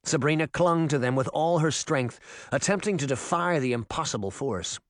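A man reading an audiobook in expressive storytelling narration. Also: fairly high pitch, moderate pace, no echo, studio quality. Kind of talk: scripted narration.

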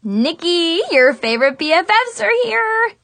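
A woman's voice: on the high side, lively intonation, moderate pace, no room sound. A woman voicing a bubbly, squealing teenage girl best friend in an audiobook.

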